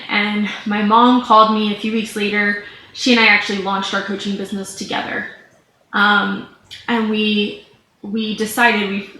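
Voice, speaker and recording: A woman's voice: mid-range voice, a bit bright. A woman in her thirties with a mid-range voice tells a personal story to her video audience, unscripted and a little rambling, with "like" sprinkled through her sentences. She sounds like a business coach talking straight to camera. The room gives her voice a noticeable echo, with a faint hum underneath. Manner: rambling, candid, frequent "like" fillers.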